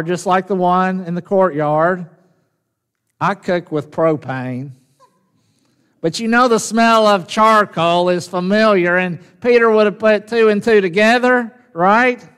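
A man's voice: sits high, a bit bright, clear, resonant tone. A man preaching a sermon with a Southern US drawl, folksy and conversational, asking the congregation questions. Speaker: pastor. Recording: long reverb of a large hall.

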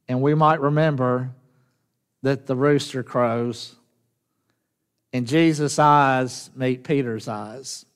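A man's voice: mid-range voice, steady tone, slow, long pauses. A man preaching a sermon with a Southern US drawl, folksy and conversational, asking the congregation questions. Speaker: pastor. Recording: long reverb of a large hall.

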